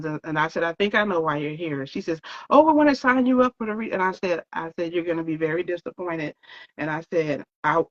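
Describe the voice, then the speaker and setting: Speaking in a slightly low voice, a woman recounts her own story for an interview, often quoting what others said and leaning on lots of fillers. Her manner is relaxed and chatty, and the audio comes across lo-fi and dull.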